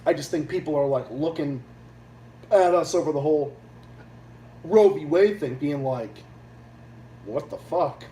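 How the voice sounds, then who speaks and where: A man's voice: a little high, a little slow, pauses often, dark tone. A man from Massachusetts hosting a livestream, ranting in a heated, profane and blunt way. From Massachusetts, USA. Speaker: livestream host. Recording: echoey room, distant mic, faint hum.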